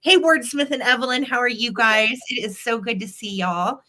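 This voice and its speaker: A woman's voice: a little high, normal speed, sharp tone. A middle-aged woman hosting a live vintage sale stream, bubbly and chatty, greeting viewers by name.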